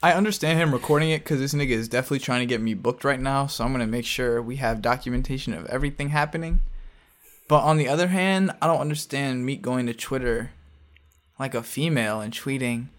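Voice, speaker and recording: A man's voice: mid-range voice, quick pace. A man co-hosting a podcast in casual chat, talking animatedly and mocking others by mimicking their posts. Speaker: podcast co-host.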